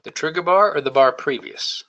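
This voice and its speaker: A man's voice: on the high side, moderate pace, pushed and bright, muffled recording. A man teaching a day trading lesson, coaching emphatically and asking rhetorical questions. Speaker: trading educator. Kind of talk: screen-share trading lesson.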